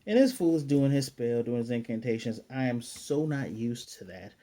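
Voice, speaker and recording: A man's voice: medium pitch, expressive, moderate pace, warm tone, a little hiss or hum. A man casually recapping an anime episode, retelling scenes in paraphrased dialogue with chatty, self-correcting asides. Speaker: anime reviewer.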